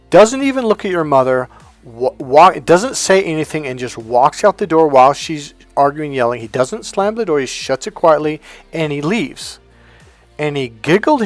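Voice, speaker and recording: A man talking as a life coach, telling a story casually and acting out the dialogue with lively changes in voice. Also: on the high side, moderate pace, dry recording, faint music behind. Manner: animated, acts out quoted dialogue.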